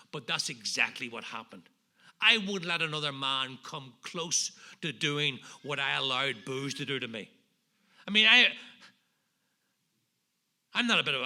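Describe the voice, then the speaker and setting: A man with a Northern Irish accent tells his own story of drinking and recovery to a live meeting crowd. His voice sits high and cuts through with a sharp, forceful brightness. He is wry and self-deprecating, and he lands his jokes like a seasoned storyteller. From Northern Ireland. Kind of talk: humorous personal recovery talk.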